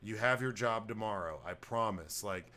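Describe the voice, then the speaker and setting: A man hosts a casual sports podcast, his voice sitting on the low side. He rambles through blunt, profane football takes. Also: moderate pace, bright, forceful tone. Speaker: podcast host.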